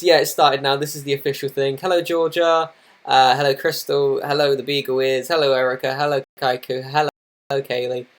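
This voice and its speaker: A young man live streaming at his computer, flustered and apologetic, rambling with many restarts. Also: medium pitch. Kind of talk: casual live-stream chat. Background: noisy laptop fan.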